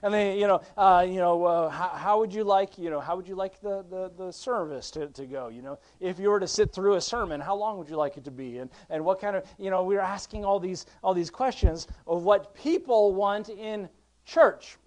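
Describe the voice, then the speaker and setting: A pastor with a high-pitched voice preaches a sermon at normal speed, talking conversationally with frequent restarts. He swings from quiet to emphatic points and reads scripture in King James wording.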